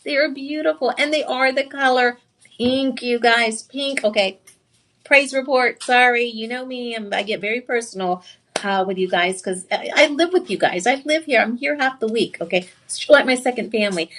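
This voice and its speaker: A woman presenting jewelry on live TV shopping, excitable and chatty, confiding personal stories and throwing sassy asides to viewers. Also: fairly high pitch, normal speed, a little hiss or hum. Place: TV shopping studio.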